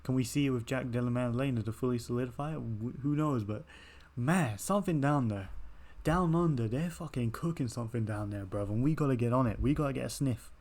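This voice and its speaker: A young man talks through fight results in a relaxed, meandering way. He swears constantly and keeps circling back to his points. His voice sits at an everyday middle pitch. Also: brisk. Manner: rambling, laid-back, heavy swearing. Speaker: MMA reaction channel host. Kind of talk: casual fight breakdown.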